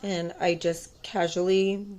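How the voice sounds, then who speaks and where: Woman, lowish voice, storytime vlog, rambling, fillers, intense, defiant. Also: level tone, slow pace, a little mellow. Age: adult, mother of two boys. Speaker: tarot vlogger. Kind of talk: emotional personal storytime to camera.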